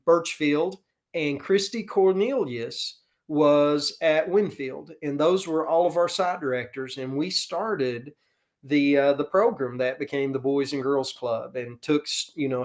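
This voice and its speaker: A man's voice: on the high side, a little slow. A middle-aged man, a football coach talking casually and earnestly in an interview, with many fillers. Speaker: podcast guest, football coach.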